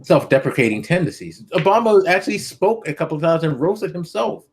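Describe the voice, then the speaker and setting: A man's voice: a little high, sing-song, fairly quick, slight background noise. Earnest male co-host, frequent ums. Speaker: podcast co-host. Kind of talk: casual political chat.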